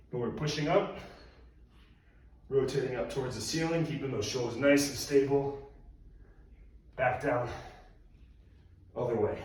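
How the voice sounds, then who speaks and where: A man's voice: mid-range voice, a little mellow, distant mic. A male personal trainer giving workout instructions while he demonstrates the moves, out of breath. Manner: coaching cues while demonstrating exercises. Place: room at home. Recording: very echoey room, voice off-mic.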